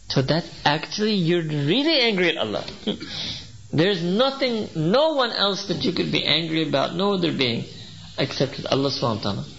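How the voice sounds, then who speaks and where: A male preacher with a somewhat high, gravelly voice gives a religious talk and often pauses to ask listeners "hmm?". He weaves Arabic religious terms into his English. The recording is dull and lo-fi, with faint background noise. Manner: rhetorical, checks in with listeners by asking "hmm?". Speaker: Islamic preacher.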